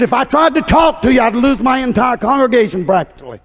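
A high-pitched male preacher delivers a fiery, folksy sermon, raising his voice and shouting. His words ring out with a long reverb, as in a big hall. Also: very animated, fast talker.

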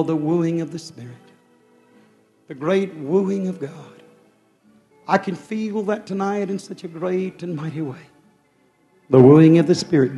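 A man preaching a fervent sermon in a rhythmic style, often dropping suddenly soft. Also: on the high side.

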